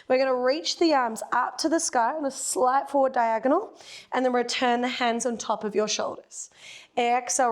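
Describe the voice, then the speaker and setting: Upbeat Australian woman coaching Pilates. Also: fairly high pitch. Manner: upbeat coaching cues with playful jokes. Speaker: Pilates instructor. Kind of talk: guided workout instruction.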